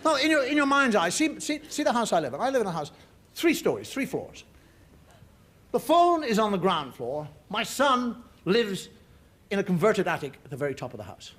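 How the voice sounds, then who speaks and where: A man performing a stand-up comedy monologue, animated and exasperated, sometimes breaking into shouts. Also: high-pitched, moderate pace. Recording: loud audience laughter and noise.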